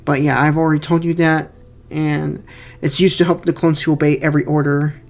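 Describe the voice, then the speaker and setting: A man's voice: on the high side, little pitch movement, a little fast, vocal fry. A young man giving casual director's commentary on his fan film, rambling with many fillers and repeated words.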